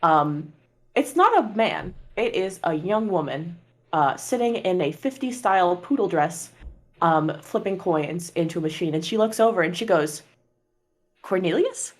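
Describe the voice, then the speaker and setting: A woman's voice: lowish voice, animated, normal speed. A woman narrating a tabletop game as game master, casual, laughing and swearing.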